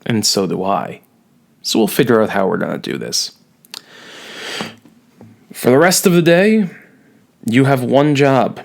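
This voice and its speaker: Wry, gravelly-voiced male teacher. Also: mid-range voice, expressive, measured pace, long pauses. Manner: wry, self-mocking, talks students through a sonnet aloud. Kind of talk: recorded online lesson.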